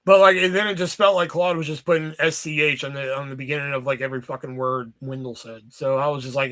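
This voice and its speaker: A man's voice: medium pitch, steady tone, fast, few pauses, fairly bright tone. Rambling man telling stories on stream. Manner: rambling, swears often, many restarts. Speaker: livestream host. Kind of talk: casual storytelling chat.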